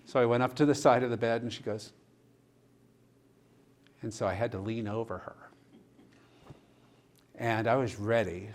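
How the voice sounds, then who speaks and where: A male pastor telling a story in a church discussion, vivid and animated, acting out the dialogue he quotes. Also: mid-range voice, moderate pace, pauses often, slight background noise.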